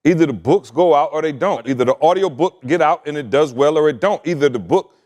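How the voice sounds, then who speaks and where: A man's voice: fairly high pitch, a little fast. A man hosting a podcast, teasing and joking in casual banter. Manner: teasing, animated, jokey. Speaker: podcast host.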